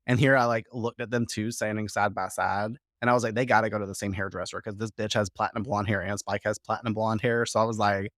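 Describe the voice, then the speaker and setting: A man hosting a podcast who recaps a TV episode in a casual, profane and animated way, full of quoted asides. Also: fairly low pitch, fast, few pauses, no echo, studio quality. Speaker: podcast host.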